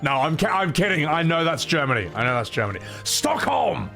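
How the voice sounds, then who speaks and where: An excitable young man talks through a game he is playing for the first time, laughing at himself and swearing freely. His voice sits a little high and swings up and down a lot, with faint music behind him. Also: fairly quick, vocal fry. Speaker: streamer voicing game characters. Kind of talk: casual let's-play commentary.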